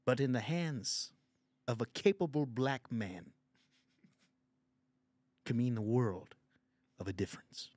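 A man's voice: mid-range voice, expressive, darkish tone, no room sound. A man doing a sly boastful old neighborhood man. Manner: slow, drawling, preachy advice-giving.

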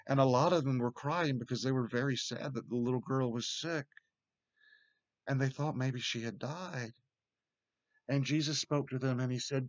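A man giving a children's sermon in gentle, simple words, reading a storybook aloud. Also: medium pitch, no echo, dull audio. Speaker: church children's sermon leader. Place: church, recorded remotely.

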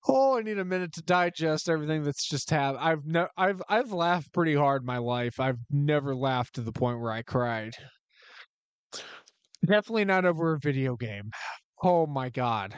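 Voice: medium pitch, normal speed, clean tone, dry recording, muffled recording. Incredulous, swearing gaming streamer. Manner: swearing, incredulous, laughing reactions. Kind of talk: let's-play commentary. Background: game music.

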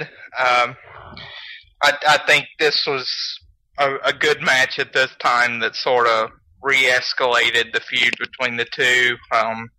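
A man's voice: medium pitch, pushed and bright, rough recording. A man co-hosting a casual wrestling podcast, hesitant and stumbling over repeated words. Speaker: podcast co-host.

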